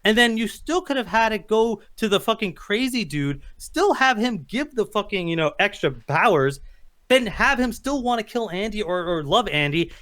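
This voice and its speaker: Man, high bright voice, quick talker, blunt and profane movie banter. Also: lively intonation. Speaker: co-host. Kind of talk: casual movie review chat.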